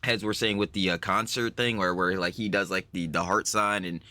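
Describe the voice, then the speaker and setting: A man's voice: sits low, steady tone, normal speed, pushed and bright, dry recording. A man streaming a reaction, talking in a rambling, profane way with lots of filler. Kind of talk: casual reaction talk.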